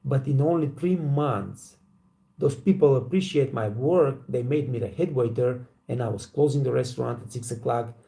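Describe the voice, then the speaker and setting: Gravelly blunt man. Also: mid-range voice, normal speed, warm tone. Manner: blunt, profane, storytelling with acted quotes. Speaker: waiter trainer and channel host. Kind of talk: casual motivational talk to camera.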